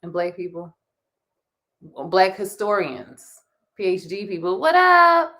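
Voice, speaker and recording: A woman co-hosting a casual podcast chat, animated, laughing often and restarting her words. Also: medium pitch, takes it slowly. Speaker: podcast co-host.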